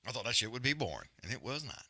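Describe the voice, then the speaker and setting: A man's voice: medium pitch, very animated, rapid-fire, sharp tone. A man hosting a live fight watch-along, breaking down the action in loose, profane, slangy commentary.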